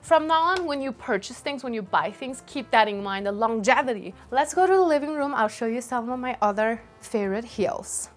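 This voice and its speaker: A woman's voice: fairly high pitch, expressive, a little fast, few pauses, faint music behind. A woman vlogger chatting casually and talking straight to viewers as she tours her closet at home. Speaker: fashion vlogger. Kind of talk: casual chat on a closet tour.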